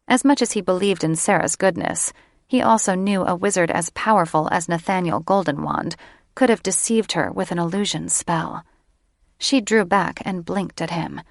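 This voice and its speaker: A woman narrating a romance audiobook in a measured, unhurried, softly sensual delivery. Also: fairly low pitch, vocal fry, dry recording, studio quality.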